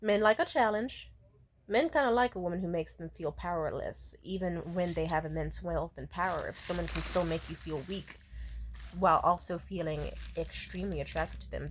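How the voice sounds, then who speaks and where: A woman telling a casual, profane story as the host, animated and laughing often. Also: on the low side, a little fast, a little hiss or hum.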